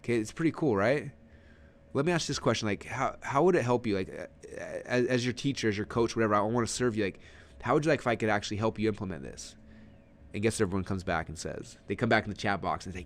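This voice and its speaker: A man teaching a webinar on sales in an energetic, rapid-fire manner, often restarting his sentences. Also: fairly low pitch. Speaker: online marketing coach.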